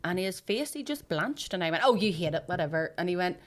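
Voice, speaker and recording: A woman in her thirties with a Belfast accent, telling stories on a podcast in a sweary, animated way and acting out what people said. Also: fairly low pitch, quick pace, hardly any pauses. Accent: Belfast Northern Irish. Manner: sweary, animated, acts out quotes. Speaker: podcast co-host. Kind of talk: casual storytelling chat.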